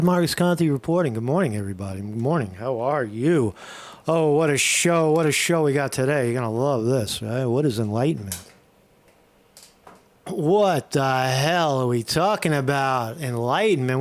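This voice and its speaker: A man's voice: medium pitch, animated, normal speed. A man hosting a live morning stream in a casual, irreverent way, full of fillers and restarts. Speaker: host of a live morning show.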